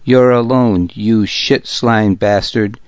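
A man voicing a furious, scornful Danish warlord who shouts insults. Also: lowish voice, fairly even intonation, slow, dry recording, lo-fi sound. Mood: sneering.

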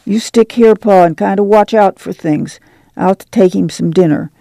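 A man's voice: sits high, moderate pace, creaky, no echo. Male reader doing a stern, protective farm mother, drawl, dry close read. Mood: firm. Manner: firm, hushed and protective. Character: weary, stern rural mother of a migrant family. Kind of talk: audiobook character voice.

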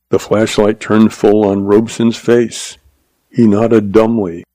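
A man reading a Western story aloud in a steady, measured narration. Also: fairly low pitch, no room sound. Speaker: audiobook narrator.

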